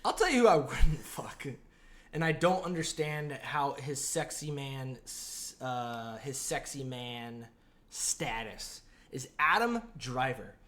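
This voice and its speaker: A man's voice: medium pitch, slow, fairly bright tone. A man co-hosting a casual comedy podcast, rambling and laughing, slipping into mock voices now and then. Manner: rambling, laughs often, mimics accents. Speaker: podcast co-host.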